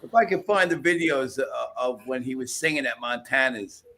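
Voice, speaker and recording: A man on a podcast who speaks softly and hesitantly. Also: medium pitch, moderate pace, a little hiss or hum. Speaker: podcast guest. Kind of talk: casual podcast chat.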